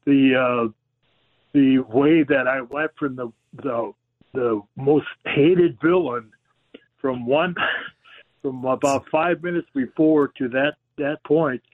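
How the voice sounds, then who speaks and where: A male guest on a radio show telling a lively story, acting out the voices of the people in it. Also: medium pitch, slow pace. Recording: tinny phone line.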